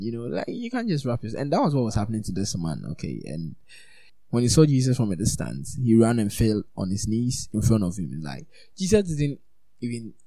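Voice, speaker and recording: A man preaching an informal sermon in a lowish, mellow voice. He talks in an animated, chatty way, full of "like" and "you know". The sound is dry and close. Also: no room sound. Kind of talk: conversational sermon.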